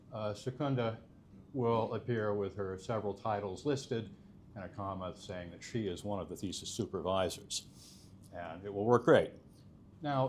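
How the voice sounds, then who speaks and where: Low-voiced man giving a technical talk. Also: slight background noise. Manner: explanatory, steady, frequent uh fillers. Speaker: conference speaker.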